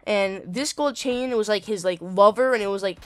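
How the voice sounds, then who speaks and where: A man's voice: high voice, brisk, fairly bright tone, clean tone. A teenage boy casually telling a story over gameplay, rambling with lots of fillers and casual swearing. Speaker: gaming channel host.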